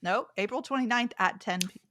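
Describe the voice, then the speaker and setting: A woman's voice: medium pitch, brisk, bright, forceful tone, slight background noise. A woman hosting a gaming podcast, steering the chat in an upbeat way. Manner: upbeat, leads the talk. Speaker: podcast host. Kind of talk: casual chat.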